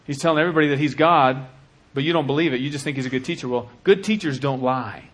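A man preaching a sermon with passion, dropping to a hush and then rising to shouting. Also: medium pitch, fast talker. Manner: impassioned, swings from hushed to shouting.

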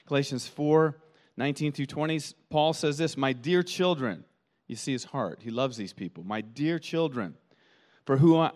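A middle-aged man preaching a sermon as pastor, building from calm teaching to animated rhetorical questions. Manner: rising to animated, high-pitched rhetorical questions.

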